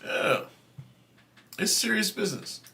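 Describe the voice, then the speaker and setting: His voice is high-pitched and bright, with lively intonation, a forceful edge, and a slightly slow pace. He's a livestream host loosely telling his chat a story, swearing freely as he goes.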